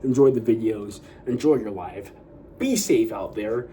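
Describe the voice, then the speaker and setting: Poor audio with a little hiss or hum captures a young man's lowish, mellow, animated voice at a measured pace. As a YouTuber in a casual vlog chat, he rambles with constant "you know" and "like" fillers and hypes up his viewers.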